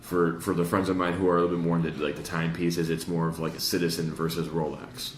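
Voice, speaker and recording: A man's voice: low-pitched, flat delivery, quick pace, reverberant, a little hiss or hum. A man with a Chicago accent hosting a podcast in casual chat, rambling and joking with lots of fillers. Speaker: podcast host.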